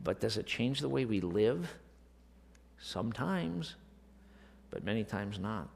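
A man preaching a sermon, moving from quiet asides to slow, emphatic declarations. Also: fairly low pitch, sing-song, creaky, slight background noise. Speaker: pastor. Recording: long reverb of a large hall.

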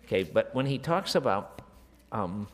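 Lively preacher in an echoing hall. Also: male voice, fairly low pitch, slight background noise. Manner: animated, building to emphatic slow declarations. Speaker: pastor. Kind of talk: sermon. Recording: long reverb of a large hall.

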